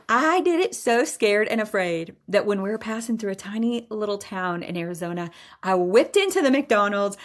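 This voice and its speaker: 40s woman on her podcast, talks straight and emphatic, says y'all a lot, laughs here and there. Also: a little high. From Iowa. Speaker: podcast host. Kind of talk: personal storytelling monologue.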